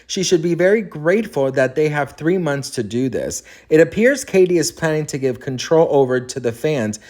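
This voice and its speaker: A man hosting a celebrity gossip talk, sassy and animated, calling his listeners "girl" and "best friend" and reading an article aloud with his own asides. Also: fairly high pitch. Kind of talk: casual gossip commentary.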